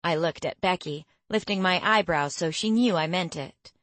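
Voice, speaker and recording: Female audiobook narrator, lowish voice, dry close sound, measured storytelling. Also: fairly bright tone, no echo. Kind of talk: scripted first-person narration.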